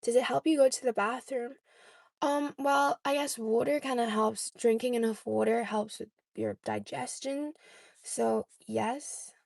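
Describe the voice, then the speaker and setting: Gravelly-voiced woman in casual chat. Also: fairly high pitch, steady tone, unhurried, darkish tone, no room sound, clean studio sound. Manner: chatty, often checks in with "okay?". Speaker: vlogger answering viewer questions.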